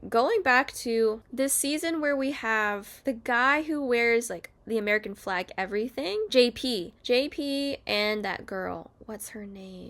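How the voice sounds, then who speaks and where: A woman's voice: on the high side, fairly bright tone. A young woman on her bed at home, casually chatting and recapping a reality show, often acting out quotes in different voices. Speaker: YouTuber reviewing a reality show. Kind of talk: casual chat.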